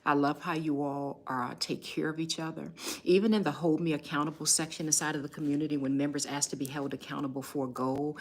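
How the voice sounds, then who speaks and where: A woman business coach hosting a live stream, pitching her community in an emphatic, emotional way and speaking straight to her viewers. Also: little pitch movement, quick pace.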